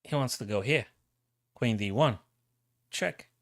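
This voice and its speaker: Excitable man calling chess moves live. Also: medium pitch, measured pace, dry recording, clean studio sound. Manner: thinking aloud, excitable, repeats himself. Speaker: chess streamer.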